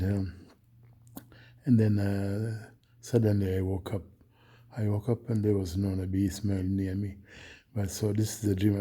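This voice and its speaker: A man from Oman, recounting a dream in a hesitant, earnest way, with many pauses and restarts. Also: on the low side, warm tone, slightly rough. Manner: earnest, solemn. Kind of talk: unscripted personal account.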